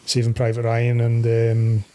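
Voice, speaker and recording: A Scottish man in his forties talks through a film as a podcast host. He is relaxed and chatty, with a middling voice and plenty of fillers. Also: medium pitch, a little slow. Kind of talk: casual film commentary chat.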